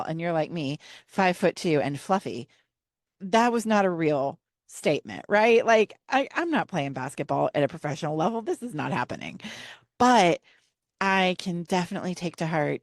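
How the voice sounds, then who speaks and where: A woman therapist giving a conversational, encouraging faith-based talk on trauma healing, sometimes slowing to a gentle, calm delivery. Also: fairly low pitch, no echo, clean studio sound. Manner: conversational and encouraging, with frequent "right?" and "you know".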